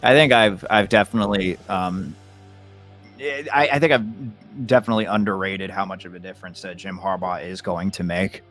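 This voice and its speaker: A man's voice: low voice, moderate pace, a bit bright, faint music behind. A man co-hosting a casual sports picks chat over a video call, who stumbles and repeats words before settling on each pick. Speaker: co-host giving picks.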